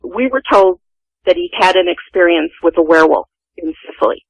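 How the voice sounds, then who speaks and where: Gravelly woman in her sixties. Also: on the low side, fairly quick, no room sound, lo-fi sound. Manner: earnest, vivid retelling. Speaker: guest telling a personal story. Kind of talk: first-person storytelling.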